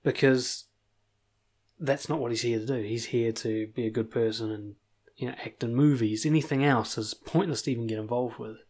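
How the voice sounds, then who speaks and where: A man, a confidence coach giving a blunt motivational monologue, swearing freely and pushing points with animated emphasis. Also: mid-range voice, normal speed.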